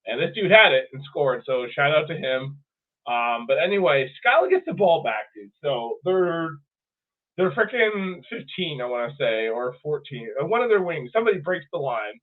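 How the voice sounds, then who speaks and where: A man co-hosting a podcast, chatting casually and profanely about sports in an animated way. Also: a little high, moderate pace. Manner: animated, profane, mimics players in funny voices. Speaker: podcast co-host. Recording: tinny phone-like audio.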